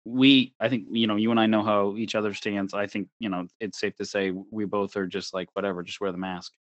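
A man co-hosting a casual chat, a comedy show producer who is also a sports official, easygoing and measured. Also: fairly low pitch, level tone, no echo.

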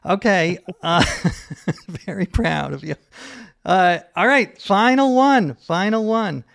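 Playful puzzle host with a high, gravelly voice, a man who teases his guest between clues. The sound is dry and close, with no room in it. He reads his clues aloud and jokes along the way. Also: slow, a bit bright, no room sound. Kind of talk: playful quiz hosting.

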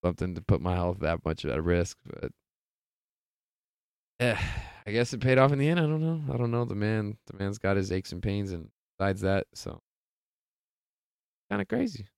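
A man's voice: low-pitched, lively intonation, normal speed, gravelly, darkish tone, smooth, dry recording. A young man hosting a podcast, chatting casually about sports news in a laid-back, rambling way with lots of swearing. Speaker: podcast host.

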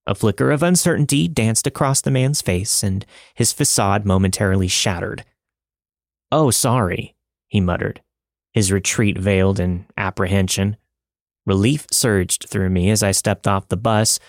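Man, lowish voice, dry close studio sound; reads horror stories with dramatic, measured pacing. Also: no echo. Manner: dramatic, measured storytelling delivery. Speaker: podcast story narrator. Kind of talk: scripted narration of listener stories.

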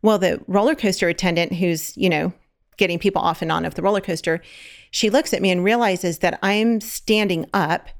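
A woman's voice: lowish voice, fairly quick. A middle-aged woman in casual chat, telling a long story and acting out the voices in it. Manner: animated, acts out quoted voices.

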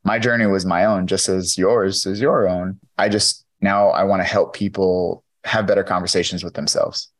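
A man's voice: deep voice, fairly even intonation, moderate pace, hardly any pauses. A man, a podcast guest and keynote speaker, candidly telling his personal story in an interview, earnest and full of "you know".

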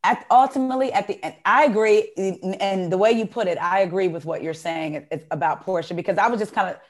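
A woman co-hosting a casual chat, talking in a measured, agreeable way and thinking aloud. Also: medium pitch. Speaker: podcast co-host.

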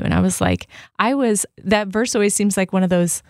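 A woman's voice: medium pitch, big pitch swings, a little fast, darkish tone, dry recording. A woman with a mid-range voice telling a personal faith story on a podcast. She speaks casually and with animation, often acting out her own thoughts. The recording is close and dry. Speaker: podcast co-host, pastor's wife.

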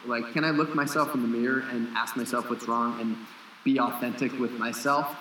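A man talking bluntly on a casual podcast, frank and quick to swear. His voice is bright and forward at a middle pitch, with room echo around it and faint ambience underneath. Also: steady tone, slight background noise. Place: lives in Costa Rica.

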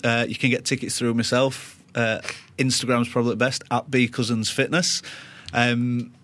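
A man's voice: medium pitch, flat delivery, moderate pace, a bit bright. A young man, a boxer answering questions in a studio in a modest, plain-spoken way. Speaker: boxer and guest. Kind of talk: casual interview chat.

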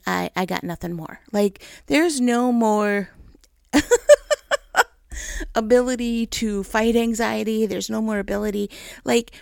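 Candid woman with a gravelly fry. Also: on the high side, darkish tone, dry recording, clean studio sound. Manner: open, emotional, laughs at herself. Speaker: Christian vlogger. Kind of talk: candid personal talk to camera. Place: home in snowy region.

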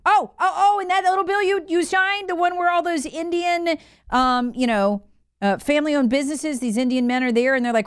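A woman's voice: sits high, moderate pace. A woman hosting a political commentary show, telling the story in a sarcastic, mocking way.

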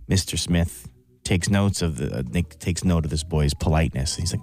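A man co-hosting a morning radio show, telling a long joke in a slow, deadpan storytelling way. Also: low voice, faint music behind.

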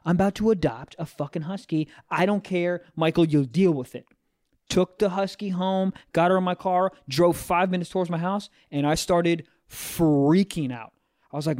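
A young man in casual chat, telling a profane, animated story. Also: high-pitched, fairly quick.

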